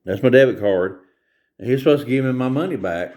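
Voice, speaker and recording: A man's voice: medium pitch, quick pace, a little mellow. A man vlogging a casual rant about a store visit, rambling and repetitive, with many hesitations.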